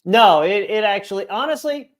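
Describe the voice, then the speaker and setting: High-voiced man telling rambling, profane stories. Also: animated, moderate pace. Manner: rambling, profane storytelling with many fillers. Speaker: podcast co-host. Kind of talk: casual sports podcast chat.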